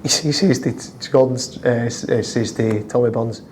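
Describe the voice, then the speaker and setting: A man's voice: mid-range voice, slight background noise. A Scottish man in his thirties with a Glasgow accent, telling stories in an interview, chuckling and acting out other people's lines. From Scotland. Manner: lively, chuckling, acts out others' lines in quick quoted voices. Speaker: professional footballer, guest. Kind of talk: anecdotal storytelling in an interview. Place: office high in a city tower.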